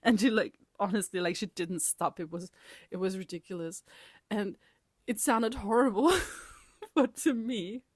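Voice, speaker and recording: A woman casually telling a personal story in her vlog, rambling and animated, often laughing and sometimes dropping to a whisper. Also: medium pitch, measured pace, breathy edge, dry recording, studio quality. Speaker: vlogger.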